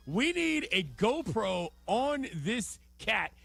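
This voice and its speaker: A man co-hosting a radio show, riffing on news stories with animated, sarcastic jokes. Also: high voice, slow, gravelly, no echo, soft background music. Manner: animated, wisecracking, sarcastic riffs. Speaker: radio co-host. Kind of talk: jokey sports radio banter.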